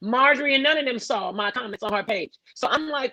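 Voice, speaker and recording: Animated woman hosting a livestream. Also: on the high side, a little fast, no room sound, dull audio. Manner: animated, playful, preachy. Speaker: livestream host. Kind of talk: casual livestream chat.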